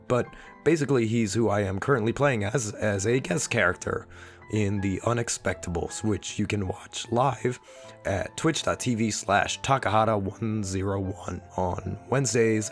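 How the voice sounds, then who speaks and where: A young man talks in a sick, wheezy voice that sits fairly low. He rambles through a personal vlog with a self-deprecating manner. Faint background music plays under him. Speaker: channel host.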